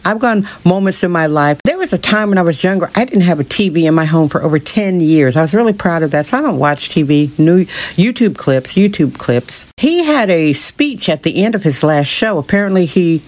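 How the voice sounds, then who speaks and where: A middle-aged woman with a somewhat low voice hosts her own show. She talks in a blunt, opinionated monologue full of rhetorical questions and repetition. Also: animated, a little fast, hardly any pauses, darkish tone. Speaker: show host. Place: San Francisco.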